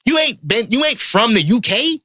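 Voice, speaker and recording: Heated, animated man ranting on a podcast. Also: very high-pitched, moderate pace, no echo. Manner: heated, profane ranting about music and comedy. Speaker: podcast host and comedian. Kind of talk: casual podcast chat.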